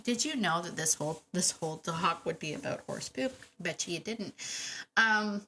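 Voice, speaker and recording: A woman hosting a dog training podcast, telling stories in a chatty, animated way with laughs and fillers. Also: on the low side, normal speed. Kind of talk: casual podcast monologue.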